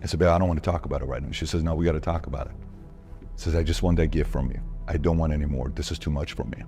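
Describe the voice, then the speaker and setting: Man with an extremely low voice, interview guest, animated storyteller who voices every line of dialogue. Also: very fast, faint music behind. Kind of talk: personal storytelling in a podcast interview.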